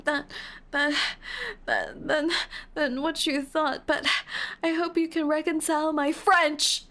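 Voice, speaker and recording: A woman's voice: sits high, level tone, slow, fairly bright tone. A woman streamer commenting on a game playthrough, giggling and squealing in mock despair while reading the game text aloud.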